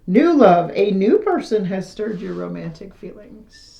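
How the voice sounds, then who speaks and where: A woman doing a casual tarot reading, chatty and self-deprecating, her voice still a little hoarse after losing it. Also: medium pitch, sing-song, a little slow, mellow, roomy sound, dull audio. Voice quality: slightly hoarse, recovering from lost voice. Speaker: tarot reader. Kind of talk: casual tarot reading, reading card texts aloud.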